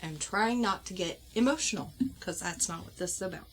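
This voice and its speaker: A woman doll-collector vlogger telling a personal story at home in an earnest, heartfelt way, pausing and restarting as she goes. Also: fairly low pitch, background noise.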